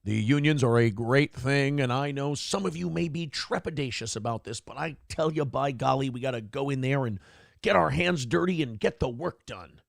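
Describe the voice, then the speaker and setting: A man's voice: mid-range voice, normal speed, vocal fry, no echo, studio quality, pitched below the performer's own voice, natural voice. A man imitating a pandering male politician giving a folksy, earnest union speech.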